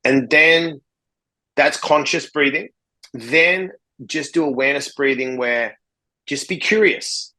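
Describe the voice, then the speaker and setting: A man's voice, pitched a little higher than most men's, telling stories with lively energy. He acts out every side of a conversation and talks bluntly, with some swearing, in the relaxed manner of a podcast guest. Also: slow, low-quality recording. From Australia. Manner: animated, acts out both sides of dialogue, blunt and profane. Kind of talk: casual storytelling in a podcast interview.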